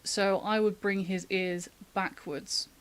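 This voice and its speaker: A woman talks through a drawing demo in a relaxed, chatty stream. She thinks aloud as she sketches and laughs easily. She is from the UK. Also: mid-range voice, takes it slowly, clear, resonant tone. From United Kingdom. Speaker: artist giving a drawing demo. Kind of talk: casual live-stream drawing tutorial.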